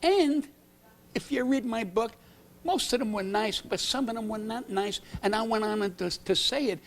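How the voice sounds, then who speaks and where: A man, a comedian telling rambling, animated stories as a talk show guest. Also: high-pitched, moderate pace. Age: 80s. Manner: rambling, animated, acts out voices in his anecdotes. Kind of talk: comic storytelling. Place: TV studio.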